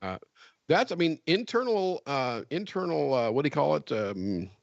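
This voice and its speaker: Animated West Virginian man, rambling. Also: a little high, normal speed, vocal fry, no echo, lo-fi sound. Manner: rambling storyteller with frequent restarts and laughter. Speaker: podcast co-host. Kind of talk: casual chat.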